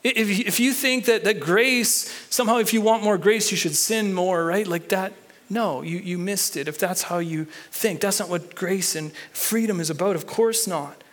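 A man with a high-pitched voice delivering a sermon as pastor. His talk is loose and conversational, with stumbles, restarts and lines said twice for emphasis. He draws the congregation into reading along and answering back. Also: normal speed, a bit bright. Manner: leads the congregation in reading and call-and-response.

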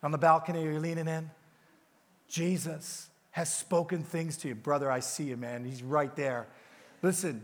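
A man preaching a sermon with energy in a large church, speaking directly to the congregation. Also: a little high. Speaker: pastor. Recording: reverberant church hall.

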